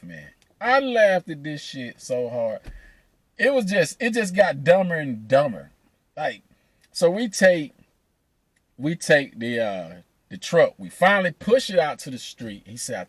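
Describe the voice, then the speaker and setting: A man telling a profane, animated story, laughing between lines. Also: on the high side, a little slow, no room sound. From Atlanta, USA. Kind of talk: casual storytelling.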